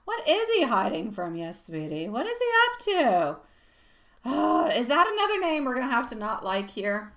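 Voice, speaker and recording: A woman's voice: a little high, very animated, moderate pace, a bit bright. Affectionate woman tarot reader. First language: French. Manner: affectionate, calls viewers sweetie and love. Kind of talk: casual live-stream chat. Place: at home.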